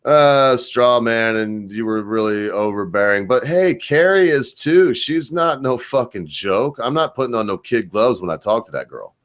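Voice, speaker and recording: A man's voice: medium pitch, expressive, normal speed, hardly any pauses. A man hosting a casual voice-call chat from home, rambling and swearing freely in laid-back banter. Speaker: host.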